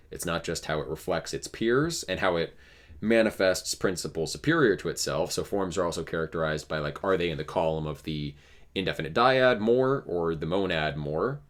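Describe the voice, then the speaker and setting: A man hosting a casual philosophical discussion, explaining ideas in a thoughtful, searching way with frequent restarts. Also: deep voice. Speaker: podcast host.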